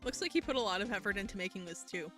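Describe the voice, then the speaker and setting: A woman's voice: medium pitch, animated, rapid-fire, a bit bright, soft background music, natural voice. A woman reading the lines of an earnest, encouraging young male defense lawyer in a mystery game.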